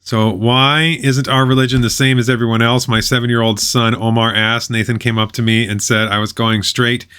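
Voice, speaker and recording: A man's voice: mid-range voice, flat delivery, normal speed, hardly any pauses, a bit bright, smooth. A man reading a web page aloud and commenting on it, with sarcastic, mocking asides.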